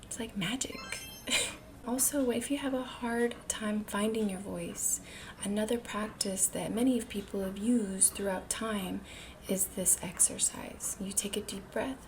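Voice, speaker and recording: A woman delivering motivational self-help advice in a measured, unhurried way. Her voice often sinks into a breathy half-whisper, with a medium pitch for a woman and faint noise behind her. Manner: slow, deliberate, often breathy and near-whispered; demonstrates different ways of speaking.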